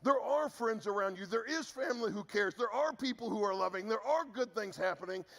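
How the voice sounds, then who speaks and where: Middle-aged male pastor, gravelly, earnest sermon delivery, drops low on key words. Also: animated, a little fast, a bit bright, big-room sound.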